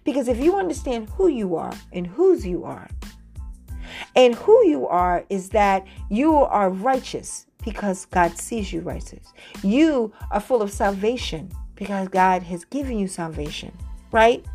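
A woman preaches in a faith podcast, her pitch sitting in a mid range. She shifts between slow, emphatic scripture reading and lively asides, inviting listeners to repeat after her. Soft music plays underneath. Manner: slows down to read scripture with emphasis. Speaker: faith coach.

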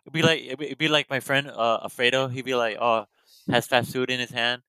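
Bright, dry-voiced man joking around. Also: medium pitch, fairly even intonation, fairly quick, clean tone, no room sound, rough recording. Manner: acts out bits in playful put-on voices, swears casually. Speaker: podcast guest, cosplayer. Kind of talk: casual chat over drinks.

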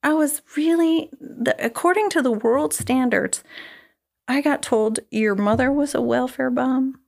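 A middle-aged woman appears as a guest to share an emotional personal testimony of faith. Her voice sits high and her pace is measured, yet she swings between loud exclamations and breathy whispers.

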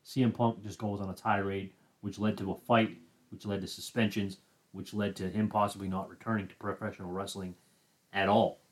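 A man's voice: lowish voice, flat delivery, fairly quick. A man hosting a casual, enthusiastic recap of wrestling moments. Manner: enthusiastic, chatty. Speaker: wrestling commentary host.

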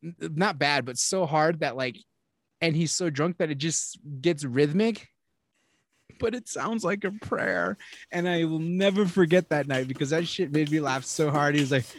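A young man co-hosting a podcast, telling a story in casual chat, animated and laughing, swearing often. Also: a little high, moderate pace. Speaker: podcast co-host.

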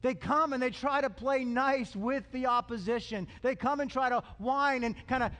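Man, pastor, lively sermon, very high voice, long hall reverb. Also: moderate pace. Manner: animated, calls for congregation response.

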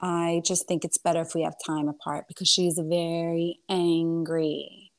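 A woman guest in a casual chat, telling a long family story in a rambling, animated way. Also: on the low side, unhurried. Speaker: interview guest.

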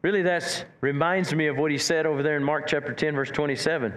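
A man preaching a sermon as pastor, animated, stumbling over repeated words and acting out quotes. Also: a little high, quick pace.

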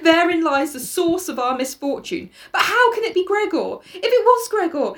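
A woman's voice: very high voice, voice pushed up. A woman voicing a tearful, desperate young sister, reading her lines aloud in an earnest, urgent, pleading way.

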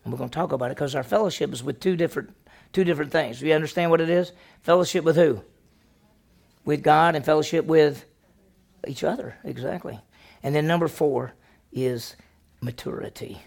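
Male pastor with a gravelly voice, chatty lesson, tosses questions to the room and answers them. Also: on the high side, fairly quick, pauses often, a little mellow. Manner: asks the congregation questions and answers them himself; folksy, tells personal stories. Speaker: senior pastor. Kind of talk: conversational church lesson.

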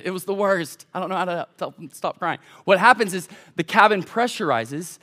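A young man preaching a sermon, telling a lively family story to the congregation. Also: high-pitched, fairly quick, few pauses. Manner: animated, addresses the congregation as y'all. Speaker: college pastor.

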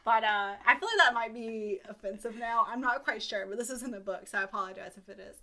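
Young woman, bright, casual storyteller, irreverent, chatty. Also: on the high side, quick pace. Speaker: podcast co-host.

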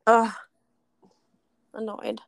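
A young woman co-hosting a podcast, chatting casually, swearing freely and ranting in animated retellings. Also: very slow, no room sound, studio quality. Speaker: podcast co-host. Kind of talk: casual chat.

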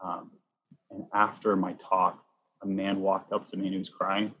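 A man who works as a Catholic youth minister, telling personal stories earnestly in a chatty way, sometimes rushing with excitement. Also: low-pitched, husky, rough recording. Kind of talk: personal storytelling in an interview.

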